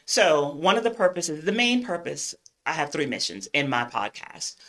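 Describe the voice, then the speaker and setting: A woman with a Southern US accent hosts her podcast in a chatty, upbeat way. Her voice is bright and forceful, and her laughs come easily. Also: low-pitched, animated, normal speed. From northern United States. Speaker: podcast host. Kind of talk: casual podcast interview.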